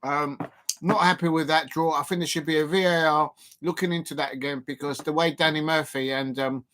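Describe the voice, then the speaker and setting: Excitable man reacting live, bright tone. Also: a little high, fairly quick. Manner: excitable, swings from joking to despairing outbursts. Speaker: football fan channel host. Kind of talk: live watch-along reaction.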